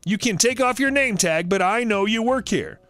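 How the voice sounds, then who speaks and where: A man's voice: sits high, very animated, brisk, a bit bright, voice pushed up. A man voicing a rude gray-haired older woman who scolds and insults a shopper she takes for staff, in a storytelling reading. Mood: scolding.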